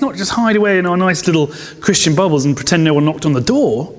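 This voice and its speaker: A man, preaching a conversational sermon with chatty asides and quick laughs. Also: high-pitched, expressive. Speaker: pastor. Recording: reverberant hall sound.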